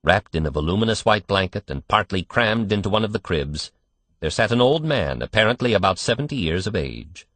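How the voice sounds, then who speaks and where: A male audiobook narrator with a fairly low, husky voice, telling the story expressively. His pitch rises and falls widely, and the sound is dry and close. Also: sing-song, fairly quick, a bit bright, dry recording. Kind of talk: scripted narration.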